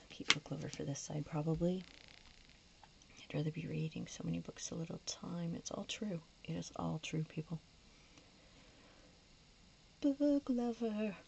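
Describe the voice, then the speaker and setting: Woman chatting and half whispering over her planner, kinda gravelly low voice, dull lo-fi audio w/ a bit of hiss. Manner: chatty, often drops to a whisper while sticking stickers. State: voice starting to go. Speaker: planner vlogger. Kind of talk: casual plan-with-me chat. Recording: dull lo-fi recording with faint noise.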